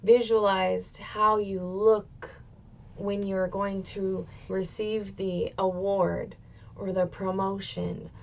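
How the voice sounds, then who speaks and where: A woman in her thirties hosting a motivational solo podcast, talking expressively and swearing freely, with bursts of excitement. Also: mid-range voice, takes it slowly, vocal fry, lo-fi sound, a little hiss or hum. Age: 30s. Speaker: podcast host.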